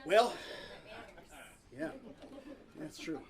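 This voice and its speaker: A man's voice: fairly high pitch, expressive, very slow, crowd noise. A man from a comedy band, joking crudely and self-mockingly with a small room audience between songs. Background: loud instrumental music.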